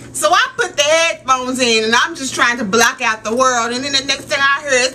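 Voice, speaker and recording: A woman in her thirties telling a story in a casual, animated rant, laughing and exclaiming as she goes. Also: high-pitched, brisk, hardly any pauses, noisy background. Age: 30s. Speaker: vlogger.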